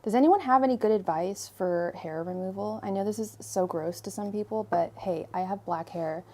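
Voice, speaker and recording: A woman's voice: mid-range voice, moderate pace, a little mellow. A young woman from Ireland hosting a tarot livestream, chatting casually and rambling as she greets viewers by name. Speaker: tarot reader and livestream host.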